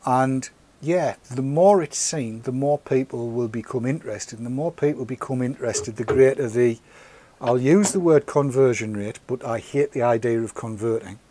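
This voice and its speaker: A man's voice: medium pitch, normal speed, warm tone. A man, hosting a casual chat, rambling and repeating words as he tells stories. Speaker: show host.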